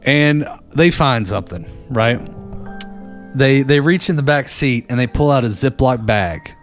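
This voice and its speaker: A lively man calls in and spins a yarn in loose, everyday talk. He laughs often and slips into quick put-on voices for the people in his story. His pitch sits in a plain middle range, with faint music under him. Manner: animated, laughs often, acts out others' lines. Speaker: caller. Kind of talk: casual storytelling. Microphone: phone call-in.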